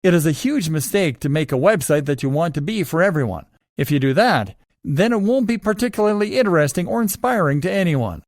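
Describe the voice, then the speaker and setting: A man reading scripted instructional narration for a course, in a steady, instructive manner that leans on key points. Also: a little high, no room sound, clean studio sound.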